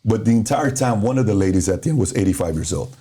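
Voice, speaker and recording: A middle-aged man from Iran tells a story in a mellow, warm voice. He hosts a casual chat and acts out the quotes he tells. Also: lowish voice, animated, fast talker. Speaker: host.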